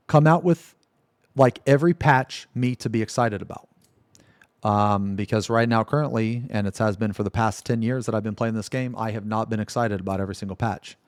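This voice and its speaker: A man's voice: on the low side, darkish tone, no room sound. A man streaming live, ranting emphatically, swearing freely and checking in with the audience again and again. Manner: emphatic, keeps asking "okay?", swears freely.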